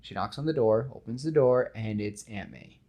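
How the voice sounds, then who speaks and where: Low-voiced man pitching a film scene. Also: normal speed, lo-fi sound. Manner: animated storytelling with many fillers. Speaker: podcast host.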